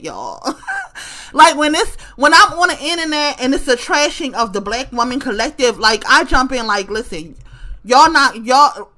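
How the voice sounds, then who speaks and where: A woman vents straight to camera in a casual vlog, her voice pitched high and ringing bright. She is blunt and profane, repeats her points for emphasis, and breaks into laughter often. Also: big pitch swings, moderate pace. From West Baltimore, US. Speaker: vlogger.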